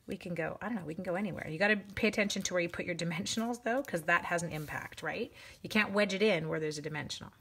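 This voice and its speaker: A woman's voice: fairly low pitch, fast, hardly any pauses, husky. A woman hosting a live-streamed stamping craft demo, chatting with viewers and greeting them by name as she works. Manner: chatty, greets viewers while working, animated exclamations. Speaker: craft demonstrator. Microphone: phone.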